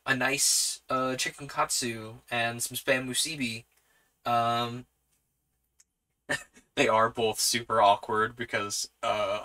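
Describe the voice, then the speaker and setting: Slow, bright-toned tabletop storyteller. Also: medium pitch. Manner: rambling, many fillers, laughs at own choices. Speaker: solo tabletop game streamer. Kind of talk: improvised tabletop story narration.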